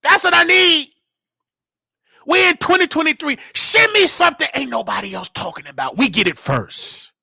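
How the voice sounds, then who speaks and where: A man hosting his own live show, shouting and preaching at his listeners and scolding them for not donating. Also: very high voice, huge pitch swings, brisk, gravelly, hardly any pauses, husky, no echo. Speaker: show host. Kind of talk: loud live-stream commentary.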